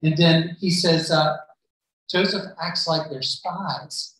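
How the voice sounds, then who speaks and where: A male preacher with a slightly high, fairly bright voice speaks slowly with fairly even intonation, retelling a Bible story in a sermon and acting out the characters' lines. He sits far from the mic in a very echoey church hall, and a little hiss or hum can be heard.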